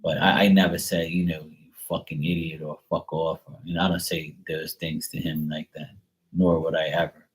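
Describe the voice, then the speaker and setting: Casting note: deep-voiced middle-aged man, blunt, swears freely, loose rambling chat. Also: little pitch movement, moderate pace, low-quality recording. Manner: blunt, profane, rambling storyteller. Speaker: tarot reader. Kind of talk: casual live-stream chat.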